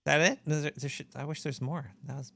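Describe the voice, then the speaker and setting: A man playing a paranoid male cartoon rat who hosts a comedy radio show, rambling and jokey with halting restarts. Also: on the high side, steady tone, gravelly, sharp tone. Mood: playful. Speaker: host.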